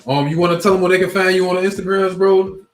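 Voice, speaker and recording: A man's voice: high voice, fairly even intonation, fast talker. A male co-host talking in a laid-back way, calling the guest bro. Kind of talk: casual interview talk. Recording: roomy echo.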